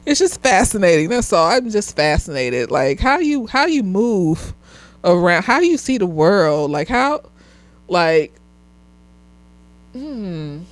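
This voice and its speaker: A slightly tipsy woman gives a loose, casual review of a TV show. Her pitch leaps all over as she talks, and she laughs often and swears freely. The sound is close and dry. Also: big pitch swings, takes it slowly, dry recording.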